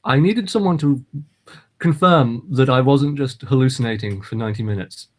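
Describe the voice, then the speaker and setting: A man's voice: medium pitch, normal speed. A man co-hosting a casual podcast chat, teasing his co-host in a dry way.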